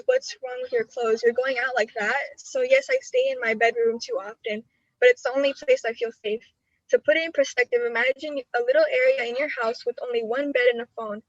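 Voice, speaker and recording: A teenage girl with a high voice reads her spoken word poetry over a video call, earnest and emotional. The sound is dry and a little muffled, without much room tone. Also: a bit bright, no echo. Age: teens. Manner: earnest, emotional delivery with nervous laughs between poems. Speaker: student poet.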